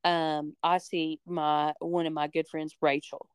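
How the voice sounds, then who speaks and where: A young woman tells a high school story on her podcast with lively, animated energy, putting on the voices of the people she quotes. Her voice sits on the low side and is smooth and clear, recorded dry and close to the mic. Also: a little slow, no echo. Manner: animated, acts out quoted voices, swears freely. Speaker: podcast host. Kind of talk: casual storytelling chat.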